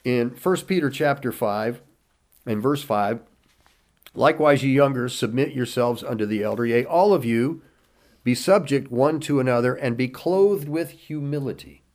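A man's voice: mid-range voice, moderate pace, a little mellow. A man preaching a sermon, reading scripture aloud and asking his listeners rhetorical questions. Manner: reads scripture in King James wording with rising emphasis, asks rhetorical questions.

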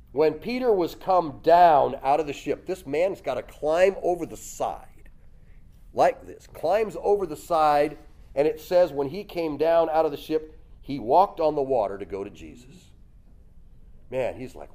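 A man preaching a sermon, telling the story lively, acting out voices and chuckling often. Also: fairly high pitch, moderate pace. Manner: lively storytelling, acts out voices with loud jumps.

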